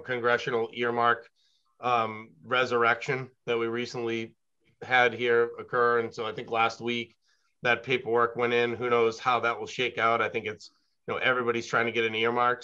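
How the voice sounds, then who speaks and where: A man with a bright, forceful voice speaks as a consultant in a business meeting. He talks in a hedging, thoughtful way, full of fillers. The audio is dull and somewhat lo-fi. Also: mid-range voice, clean tone. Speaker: engineering consultant.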